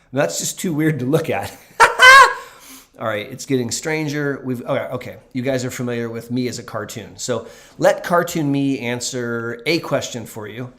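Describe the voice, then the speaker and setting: A man speaking as a doctor during a relaxed livestream Q&A. He answers viewers in an earnest, emphatic way, leaning hard on the points that matter. His talk is loose and unscripted, full of ums and small restarts. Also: mid-range voice. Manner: earnest and emphatic, with frequent fillers. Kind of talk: casual livestream Q&A.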